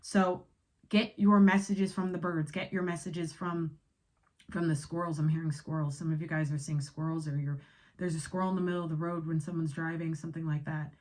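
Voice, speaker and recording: Woman tarot reader, lowish voice, casual and emphatic, spiritual channel host. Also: little pitch movement, a little fast, a little mellow. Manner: casual, emphatic, swears, switches into quoted inner voices.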